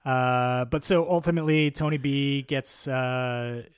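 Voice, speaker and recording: A man talking casually as a podcast host, circling his points with plenty of fillers and the odd curse. His voice sits at an ordinary pitch and sounds dry and close, with no room around it. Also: a little slow, smooth, dry recording. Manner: rambling, filler-heavy, profane. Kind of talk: casual chat.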